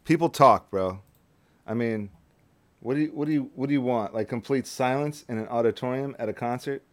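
A man's voice: mid-range voice, brisk. A man co-hosting a casual podcast over a video call, laid-back and casually profane, often saying bro and man. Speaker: podcast co-host.

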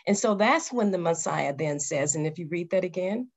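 A woman leads a Bible class, earnest and unhurried, circling back to correct herself and pressing each point home with a quick "see.". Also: medium pitch. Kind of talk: Bible study teaching.

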